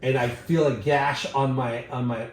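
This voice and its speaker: A man in casual podcast talk who spins a story with lots of energy, swears freely and slips into voices. His mid-pitched voice sounds in an echoey room. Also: a little slow, slight background noise. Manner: animated, profane, acts out voices. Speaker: podcast co-host telling a story.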